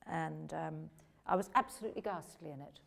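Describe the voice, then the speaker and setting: A woman's voice: low-pitched, brisk, vocal fry. Older woman telling stories about herself. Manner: self-deprecating, lively raconteur. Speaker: actress guest at a film Q&A. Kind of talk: anecdotal Q&A storytelling.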